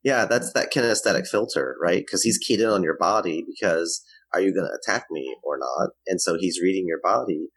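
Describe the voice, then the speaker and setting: A man's voice: low voice, lively intonation, a little fast, hardly any pauses, fairly bright tone, husky, dry recording, poor audio. A man, apparently a parenting coach, confidently explaining ideas with examples in conversation.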